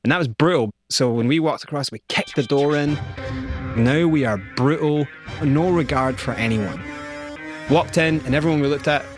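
A man, an interview guest, telling his story in an animated, conversational way. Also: fairly high pitch, moderate pace, over music. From Scotland.

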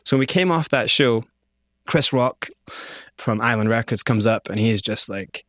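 Man telling a lively story. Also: mid-range voice, moderate pace, dry recording, clean studio sound. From Scotland. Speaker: interview guest. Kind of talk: storytelling in a conversational interview.

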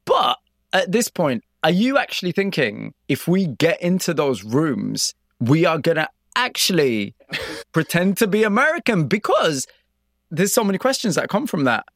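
Male interviewer, slightly higher voice, probing questions, dry sound. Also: very animated, moderate pace, fairly bright tone, dry recording. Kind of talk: conversational interview.

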